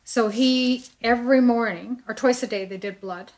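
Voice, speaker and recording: A woman's voice: a little high, moderate pace. Middle-aged woman telling a vivid story. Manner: animated storyteller, acting out quotes. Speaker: church member sharing testimony. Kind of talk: personal storytelling.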